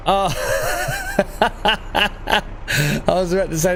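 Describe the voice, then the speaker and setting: A young man with a high voice hosts a farming game livestream, chatting with viewers and laughing often as he reads chat. His pitch swoops wildly, he speaks slowly with frequent pauses, and his tone is a bit bright. There's a little hiss or hum on the recording.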